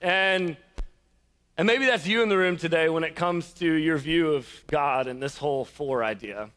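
A young man preaching a conversational sermon, telling stories with a self-deprecating, laughing, animated delivery. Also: on the high side, normal speed. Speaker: pastor.

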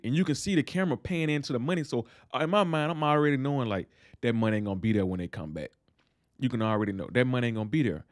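A young man casually recapping a TV episode, retelling scenes in slangy, animated talk and acting out lines. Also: medium pitch, fast talker, no room sound, studio quality. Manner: animated retelling with slangy asides and acted-out dialogue. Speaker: TV recap host.

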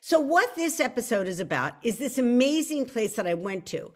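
A woman's voice: a little high, very animated, moderate pace. A woman hosting a live online show, chatting casually and with self-deprecating humor, often restarting her sentences. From United States. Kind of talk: casual live-stream talk.

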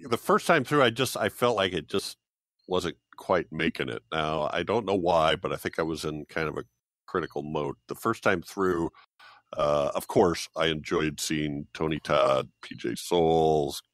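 A man reviewing a film on a podcast in casual chat, measured and thoughtful, pausing and restarting as he weighs his views. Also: very deep voice, a bit bright, dry recording.

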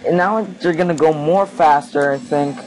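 A young man hosts a gaming video, giving casual let's play commentary on a horror game, anxious and pleading as he rambles along. His voice is fairly high at normal speed, in a home recording with steady background noise.

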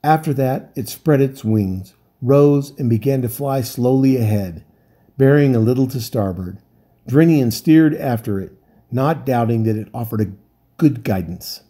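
A man reading a children's novel aloud in calm, steady narration. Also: mid-range voice, measured pace. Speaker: volunteer reader.

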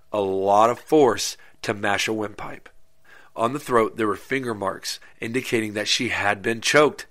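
A podcast host telling a true-crime story in a casual, animated way, swearing freely and making asides to listeners. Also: male voice, mid-range voice.

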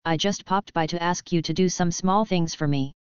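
A woman's voice: fairly low pitch, moderate pace, smooth, dry recording, close to an everyday voice. Woman reading as a dry, exasperated immortal man. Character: weary, sardonic immortal man. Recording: dry, dull lo-fi.

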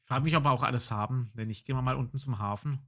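A man's voice: mid-range voice, very fast, a bit bright. Guy doing a let's play, reads the game text, mutters and swears at stuff. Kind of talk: casual game commentary and reading game text aloud.

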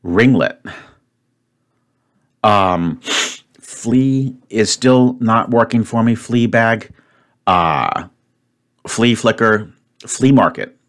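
A man solving a word puzzle out loud, thinking aloud and muttering to himself. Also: lowish voice, extremely slow, pauses often. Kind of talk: solo puzzle-solving commentary.

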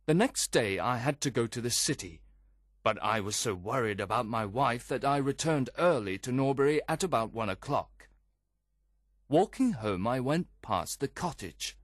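A man reads a first-person story with expressive storytelling. His pitch moves in a lively way through each line. The recording is dry and close. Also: moderate pace, no echo. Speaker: audiobook reader. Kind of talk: scripted first-person narration.

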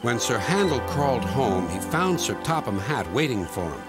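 A man telling a children's cartoon story in scripted narration, gentle and expressive. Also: medium pitch, moderate pace, hardly any pauses. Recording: loud music underneath.

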